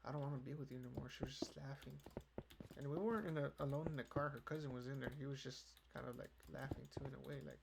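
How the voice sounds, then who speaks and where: A young man with a gravelly mid-range voice talks fast as he hosts a casual podcast. He rambles, curses, and says "you know" in nearly every line, with keyboard clicking and noise in the background.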